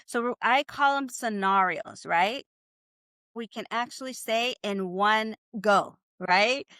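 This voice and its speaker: A woman's voice: on the high side, slow, a bit bright, smooth, dry recording, clean studio sound. A woman whose first language is Spanish, teaching a live online class in English and coaching her students with upbeat encouragement.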